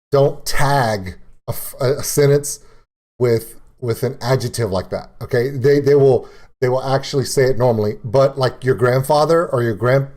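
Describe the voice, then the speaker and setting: A man's voice: medium pitch, a little mellow. A man from Louisiana with a Cajun accent, chatting through a casual reaction stream and laughing often. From Louisiana, Lafayette area. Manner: chatty, laughs often, explains with many "okay"s.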